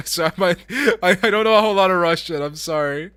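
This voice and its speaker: Bright-voiced man streaming a game casually. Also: fairly high pitch, fairly quick, clear, resonant tone, no room sound, studio quality, faint music behind. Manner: casual, profane, laughs often, apologetic to chat. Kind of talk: live game stream, chatting with viewers.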